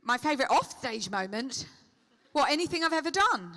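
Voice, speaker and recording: A middle-aged woman answering fan questions at a convention, chatty and quick to call people darling while telling lively anecdotes. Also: high voice, a little hiss or hum. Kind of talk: convention Q&A storytelling.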